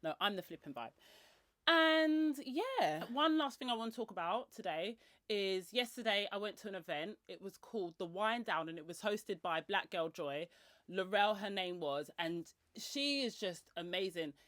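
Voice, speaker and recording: A woman's voice: lively intonation, normal speed, fairly bright tone, dry recording, clean studio sound. Slangy, chatty woman host. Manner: chatty and slangy, acts out others' lines with big pitch jumps. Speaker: podcast host. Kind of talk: casual solo podcast chat.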